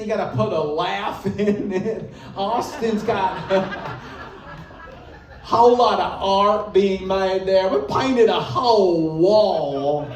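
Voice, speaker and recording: This stand-up comedian's voice is high-pitched, slow, and slightly mellow, captured from a distance with some chatter behind him. Performing live on a club stage, he keeps things playful and loose, putting on mock regional accents amid the roomy sound and music.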